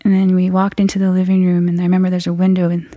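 A young woman from the Navajo Nation telling a true scary story from her own life. She halts and restarts as she builds suspense, and often drops to a hushed whisper at the tense moments. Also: fairly low pitch, monotone, racing, dry recording. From Navajo Nation, US Southwest. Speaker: guest storyteller.

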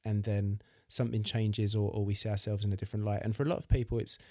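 A man's voice: lowish voice, little pitch movement, fast, dark tone, no echo, clean studio sound. A man hosting a podcast, talking supportively with his guest and repeating words as he gathers his thoughts. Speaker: podcast host. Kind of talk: casual interview chat.

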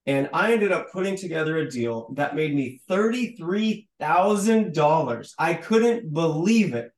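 Guest storyteller, male, a touch high-pitched, acts out every exchange, roomy sound. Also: measured pace. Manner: animated storyteller who acts out dialogue, with stammered restarts. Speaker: podcast guest. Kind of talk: storytelling in a conversational interview. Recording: roomy, echoey room sound.

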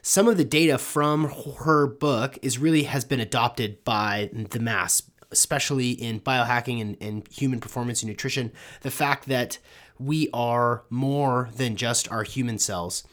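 A man's voice: medium pitch, a little slow, fairly bright tone. A man hosting a podcast in casual, rambling talk with plenty of restarts and fillers while fighting a summer cold. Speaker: podcast host. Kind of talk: casual podcast intro and interview.

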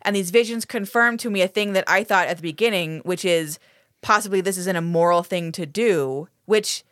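A woman's voice: lowish voice, brisk, a bit bright, dry recording, studio quality. A woman co-hosting a podcast, recapping an episode in casual, chatty talk, sarcastic and full of swearing. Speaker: podcast co-host. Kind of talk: casual chat.

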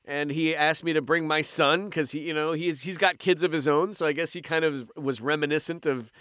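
A man's voice: fairly high pitch, brisk, dry recording, clean studio sound. A man from Canada, a voice actor, chatting animatedly in an interview and telling stories from the recording booth. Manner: animated storyteller, slips into impressions. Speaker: voice actor guest. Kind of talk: casual interview chat.

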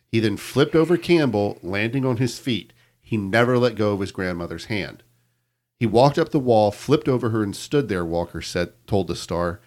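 A man hosting a podcast, reading a news account aloud to his co-hosts in a measured storytelling way. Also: lowish voice, darkish tone. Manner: measured storytelling with quoted reports. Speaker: podcast host telling the story.

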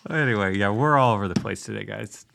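A man co-hosting a casual podcast, slowing down to stress scripture quotes and rambling easily in between. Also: on the low side, creaky, background noise. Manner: slow, emphatic when quoting scripture; relaxed, rambling. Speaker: podcast co-host.

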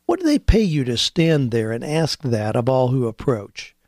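A man voicing a wise older rabbi who speaks calmly and wryly. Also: medium pitch, normal speed, no echo, clean studio sound. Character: wise older male rabbi, calm and wry.

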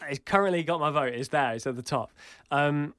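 British male co-host, animated and playful, light higher voice, dry close recording. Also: brisk, dry recording. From United Kingdom. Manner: animated, jokey, sings chants. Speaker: podcast co-host. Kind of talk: casual sports chat.

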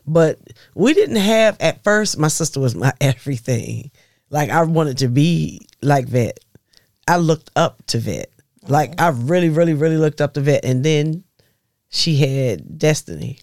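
A middle-aged woman, a mother, telling family stories in a casual, animated way, swearing freely and laughing as she goes. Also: sits low, measured pace, no room sound, clean studio sound. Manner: animated, profane storytelling with laughs. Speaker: mother of the guests, podcast guest.

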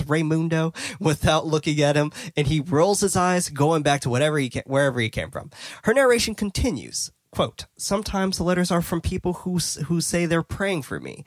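A man's voice: on the high side, no echo, studio quality. A man hosting a podcast, casually recapping film scenes, often restarting phrases and laughing. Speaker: podcast host.

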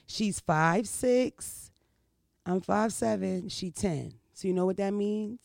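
A woman in her thirties, a vlogger, speaks slowly in a mid-range voice with vocal fry and a darkish tone, recorded clean in a studio with no echo. She tells stories casually, bluntly and with plenty of profanity, repeatedly asking "you know what I mean."

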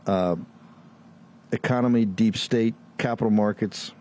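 A man's voice: fairly low pitch, steady tone, a little slow, darkish tone, a little hiss or hum. A man from Virginia hosting a show, delivering a combative political commentary monologue full of rhetorical questions and mocking asides. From Virginia, USA. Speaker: show host.

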